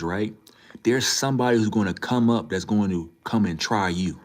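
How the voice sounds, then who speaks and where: Guy with a real low voice going live, preachy and repeating himself to chat. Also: fairly quick, a little mellow. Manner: emphatic and repetitive, lecturing the viewers. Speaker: livestreamer. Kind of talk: casual live-stream talk to chat.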